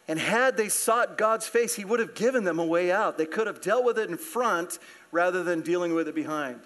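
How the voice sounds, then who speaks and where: A man's voice: high-pitched, moderate pace, a bit bright. A man preaching a sermon, explaining the verses in a conversational way and asking his listeners questions. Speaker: pastor.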